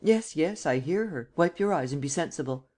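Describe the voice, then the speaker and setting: A male narrator voicing a cool, cynical gentleman thief who speaks calmly and mockingly. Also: a little high, normal speed. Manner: calm, sardonic.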